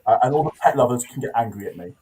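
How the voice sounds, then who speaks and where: A man's voice: mid-range voice, lively intonation, rapid-fire, mellow, a little hiss or hum, rough recording. A man hosting an improv comedy game show, hesitant and full of filler sounds as he sets the tasks and hands out points.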